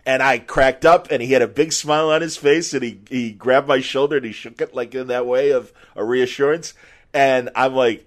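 Male podcast host, middle-aged, casual animated storyteller. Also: mid-range voice, moderate pace. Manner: animated, acts out quotes. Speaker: podcast host and former sports reporter.

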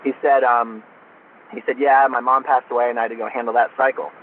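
A man's voice: mid-range voice, fast talker. A man from Florida as an interview guest, telling an anecdote casually and acting out the dialogue. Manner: animated anecdote teller, acts out dialogue. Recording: tinny phone line with faint noise.

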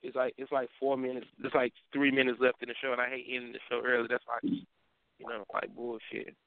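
A man hosting a casual morning chat show, telling animated stories, mimicking people and laughing a lot. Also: medium pitch, a little fast, clean tone, dry recording. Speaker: show host. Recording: tinny phone line.

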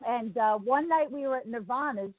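Guest: New York woman, rambling and chatty, slightly high voice, thin dry phone sound. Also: normal speed, a little hiss or hum. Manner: chatty, rambling, laughs easily. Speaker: guest, singer. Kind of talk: casual interview. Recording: tinny phone-like line, dry.

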